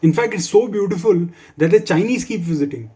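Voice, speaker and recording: Guy doing standup for his office, wry dry jokes, kinda high mellow voice. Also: lively intonation, brisk. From India. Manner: wry, dry humor with asides. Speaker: stand-up comedian. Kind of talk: stand-up comedy set for office colleagues.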